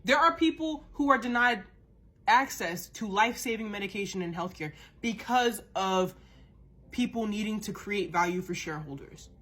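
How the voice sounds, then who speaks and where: A woman's voice: mid-range voice, animated, moderate pace, a bit bright. A woman hosting a podcast, ranting in a heated, profane monologue and often repeating and restarting words as she gets worked up. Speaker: podcast host.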